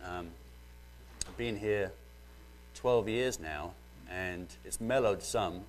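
A man's voice: deep voice, extremely slow, pauses often. A man with a British accent preaching a sermon, first joking lightly, then reading Bible verses and explaining them earnestly.

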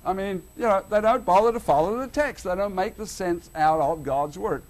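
An Australian man delivers a sermon in a fairly high voice. He speaks animatedly, drops low and quiet, then bursts out loud and emphatic. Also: moderate pace. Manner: animated, swings between loud and hushed. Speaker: preacher.

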